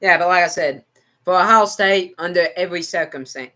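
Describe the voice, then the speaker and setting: A man's voice: sits high, brisk, bright, forceful tone. Country-accented man rambling about football. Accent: American country. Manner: rambling, repeats himself, talks to chat. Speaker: livestream sports reactor. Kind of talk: live football halftime reaction chat.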